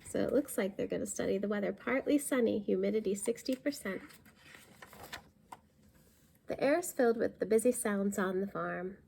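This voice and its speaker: A woman reading a picture book aloud at a library storytime, pausing to explain words for young listeners. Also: mid-range voice, creaky, warm tone, a little hiss or hum.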